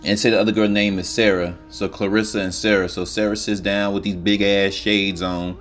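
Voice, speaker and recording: A man's voice: fairly low pitch, flat delivery, fairly quick, a bit bright, faint music behind. A man telling a comedic story in a loose, rambling, profane way.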